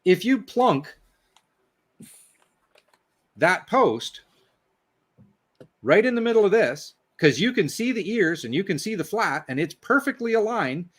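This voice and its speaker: An older man with a slightly high voice explains technical history as a guest engineer. He talks in loose, self-interrupting runs, blunt and casual with the odd swear word. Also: big pitch swings, measured pace, pauses often, fairly bright tone, breathy edge.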